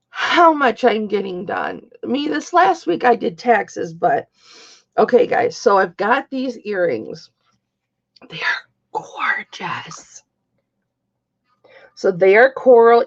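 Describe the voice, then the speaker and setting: A woman's voice: medium pitch, vocal fry. A woman in her fifties hosting a live-stream jewelry sale, chatting with viewers by name as she shows each piece. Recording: dull lo-fi stream audio.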